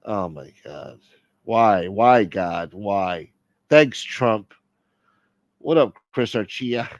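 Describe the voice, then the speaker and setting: Brief: rambling, profane male stream host, low voice, dry close sound. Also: lively intonation, drawn-out words, dry recording, dull audio. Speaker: livestream host. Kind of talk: casual live-stream chat.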